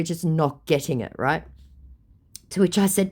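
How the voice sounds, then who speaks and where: A woman's voice: low voice, moderate pace, dark tone. A woman telling the story of a scam chat in a scornful, sarcastic way. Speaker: vlogger retelling a scam chat.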